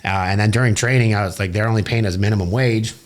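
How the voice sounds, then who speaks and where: A man telling his story in a casual interview, animated and full of swearing. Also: fairly low pitch. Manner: fast, profane, animated storytelling. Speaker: guest, business owner.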